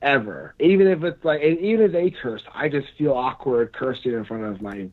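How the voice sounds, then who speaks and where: A man, a pro wrestler, chatting casually on a podcast in a rambling, halting way full of fillers. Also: mid-range voice, lively intonation. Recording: dry, phone-like lo-fi sound.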